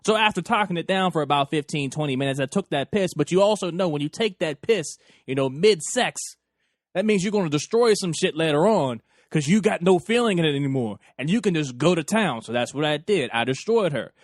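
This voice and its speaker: A young man with a fairly high voice hosts a podcast, spinning a raunchy story in loose, profane bursts. He slips into the voices of the people he quotes. The sound is close and dry, with no room around it. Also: brisk, no echo. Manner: animated, profane, acts out quoted lines. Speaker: podcast host. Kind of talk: crude storytelling monologue.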